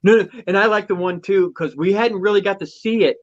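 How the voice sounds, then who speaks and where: A man co-hosting a podcast in casual chat, excitable and gushing, swearing now and then. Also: high voice, brisk. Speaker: podcast co-host. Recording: dull lo-fi audio.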